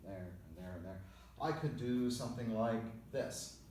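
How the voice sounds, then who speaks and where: A man's voice: lowish voice, moderate pace, a little mellow, roomy sound, a little hiss or hum. A man teaching a music theory lesson, explaining step by step and counting beats aloud. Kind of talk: lecture with sung and spoken examples.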